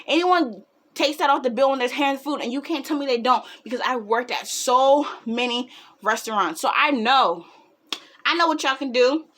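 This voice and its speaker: A young woman telling a funny story in a casual storytime, animated and laughing often. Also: high-pitched, normal speed.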